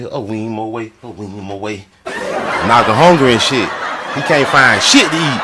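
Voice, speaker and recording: A man hosting a reaction video, loud and animated, often shouting and laughing. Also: medium pitch, very noisy.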